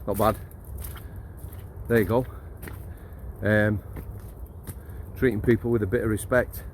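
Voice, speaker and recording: A man's voice: fairly low pitch, steady tone, a little slow, slight background noise. A middle-aged man, a former prison officer telling stories in a chatty, blunt, jokey way. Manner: chatty, blunt and jokey, laughs mid-story, addresses viewers as guys. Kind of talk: casual storytelling to camera.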